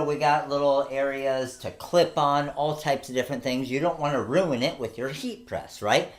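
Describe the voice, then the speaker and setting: A man in his thirties hosting a casual how-to tutorial, chatting through each step as he works. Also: medium pitch. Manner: chatty, explains each step while working. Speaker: host of a craft supply tutorial channel.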